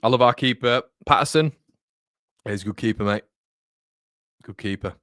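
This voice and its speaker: A young fan channel host from North East England runs a live football watchalong, chatting in a blokey way full of "mate" and "um." His mid-range voice is a bit bright, at a moderate pace, in a dry, clean studio recording.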